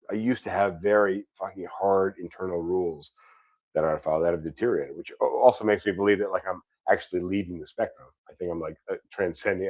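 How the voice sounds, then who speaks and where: A podcast host in his thirties with a New York accent and a low-pitched voice hosts a casual chat, rambling with repeated words and casual swearing. The recording is dry and sounds phone-quality.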